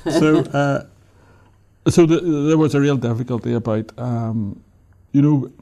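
Telling his own story as an interview guest, an Irish author speaks in a mid-range, gravelly, mellow voice with fairly even intonation. He's reflective and wry, with a laugh often breaking into his speech, and he talks easily and without hurry, like he's thinking back as he goes.

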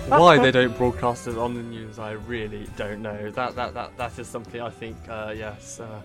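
A man's voice: lowish voice, fairly even intonation, moderate pace, few pauses, music in the background. A young man with a Northern English accent, co-hosting a casual political podcast and talking with many fillers and restarts. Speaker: podcast co-host.

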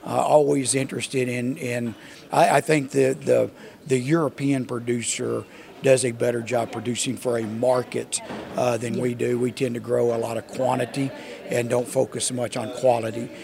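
A man's voice: mid-range voice, flat delivery, normal speed, creaky, darkish tone. A man from Oklahoma with an Oklahoma accent, a visiting farmer answering interview questions in a friendly way, with many "uh" restarts. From Oklahoma, USA.

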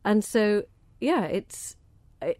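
Speaking slowly but with animation, a middle-aged woman with a southern English accent gives an interview about a cause that matters to her; she campaigns for organic food. Her medium-pitched voice has a somewhat dark tone, and there's no echo. She comes across as keen and chatty, often repeating words at the start of a thought.

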